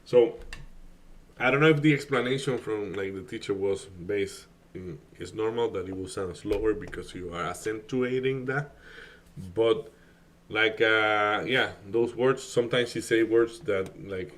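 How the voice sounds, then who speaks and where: A man whose first language is Spanish talks casually on a live stream. His voice sits a little low, and he rambles, restarting his sentences and filling the gaps with "like". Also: a little slow, fairly bright tone. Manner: rambling, many fillers and restarts. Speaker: day trading streamer.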